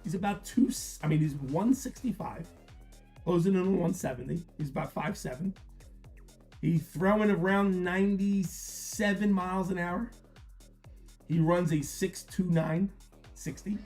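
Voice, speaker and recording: Middle-aged man, fairly high voice, casual live-stream chat, blunt, swears freely, faint background music. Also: measured pace. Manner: animated, blunt, swears freely, talks to viewers by name. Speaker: live card-break stream host.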